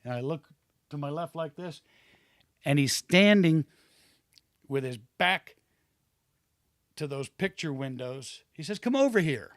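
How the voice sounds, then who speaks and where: Man, 50s, retired wrestler, casual podcast storyteller; a touch high-pitched, dry close mic. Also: takes it slowly, long pauses, fairly bright tone, no echo. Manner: rambling anecdotes with acted-out quotes.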